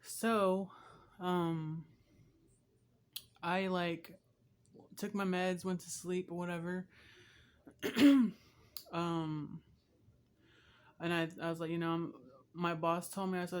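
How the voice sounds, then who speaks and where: A woman's voice: lowish voice, fairly even intonation, slow pace, pauses often, a little hiss or hum. A woman vlogger telling a long personal story in a casual, rambling way, speaking straight to her viewers.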